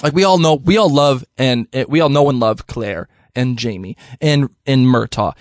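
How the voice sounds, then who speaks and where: A man's voice: mid-range voice, normal speed, dry recording. A young man hosting a podcast, rambling casually with frequent laughter and restarts. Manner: giggly, rambling, many restarts. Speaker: podcast host.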